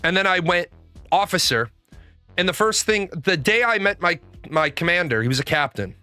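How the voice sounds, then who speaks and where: A man with a bright, forceful voice pitched a little high talks casually on his livestream, drifting from rambling war stories into chat questions and dropping curse words along the way. The sound is dry and close, with faint music playing underneath. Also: expressive, normal speed, no echo. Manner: rambling anecdotal storytelling with swearing. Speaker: live streamer.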